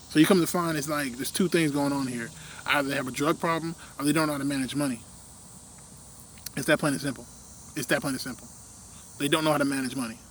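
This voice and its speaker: Young man, casual rant, rambling, lots of fillers, trailing off, slightly high voice, faint crickets outdoors. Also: a little hiss or hum.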